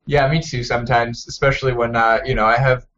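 A man's voice: mid-range voice, flat delivery, fairly quick, a bit bright, muffled recording. Young guy chatting about video games, upbeat and teasing. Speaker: podcast co-host. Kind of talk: casual chat.

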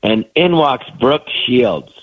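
A man's voice: medium pitch, lively intonation, takes it slowly, dry recording, muffled recording. A male guest on a radio show, talking with a cold and telling long rambling stories. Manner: rambling storyteller. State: has a cold. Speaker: guest comedian. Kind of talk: casual radio interview.

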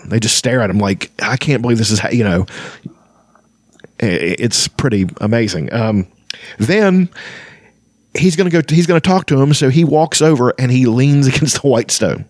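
Halting man reading and chatting, dry sound. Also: medium pitch, no room sound. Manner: halting, many ums and restarts. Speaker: podcast host discussing a fantasy novel. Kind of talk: reading aloud and casual commentary.

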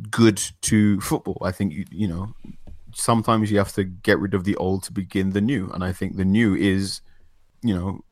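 A man co-hosting a chat show, giving measured, reasoned opinions. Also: fairly low pitch, dry recording, clean studio sound. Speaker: podcast co-host. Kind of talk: casual chat.

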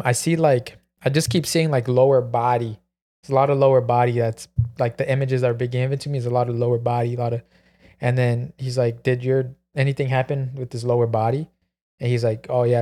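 A man's voice: mid-range voice, dark tone. Man, podcast co-host, casual rambling storytelling, filler-heavy. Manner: rambling, peppered with "like" and "bro".

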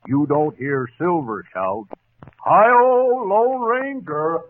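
A man's voice: lowish voice, lively intonation, normal speed, very noisy, close to an everyday voice. An actor playing a joking, folksy male dog veterinarian in a 1940s radio comedy. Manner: punning, folksy. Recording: tinny old radio broadcast.

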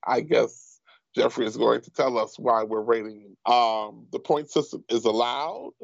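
A man's voice: mid-range voice, measured pace, gravelly, dry recording. A man co-hosting a casual TV recap podcast, who leads the segment in a wry, emphatic way. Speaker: podcast co-host. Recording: dull lo-fi podcast audio.

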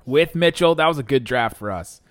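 A man's voice: mid-range voice, lively intonation, brisk, no room sound, studio quality. A man hosting a casual sports podcast, teasing his co-host and laughing often.

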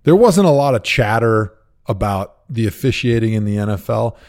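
A man's voice: fairly low pitch, normal speed. A man in his thirties co-hosting a sports podcast, telling stories and giving opinions with frequent laughter. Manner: animated storyteller, laughs often. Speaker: podcast co-host, former pro football player. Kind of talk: casual chat.

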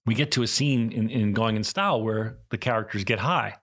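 Animated man telling stories. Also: fairly low pitch, a little fast. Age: middle-aged. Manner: animated, with frequent restarts and laughter. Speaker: actor and director, guest. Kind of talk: casual interview storytelling.

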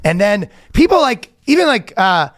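A young man co-hosting a podcast, joking through quick banter and laughing often. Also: high voice, sing-song, a bit bright. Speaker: podcast co-host. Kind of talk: casual chat.

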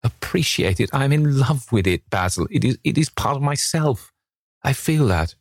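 An anguished, vain young beauty, as a man puts him on for an audiobook, his voice lifted well above the reader's own. The pleading runs through a husky grain, and the recording is dry and close. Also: medium pitch, lively intonation, normal speed, dry recording, pitched above the performer's own voice. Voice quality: emotional, pleading.

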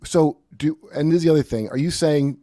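A man co-hosting a comedy show, talking in mumbling, hesitant, halting bits of banter. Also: on the high side, mellow, no echo.

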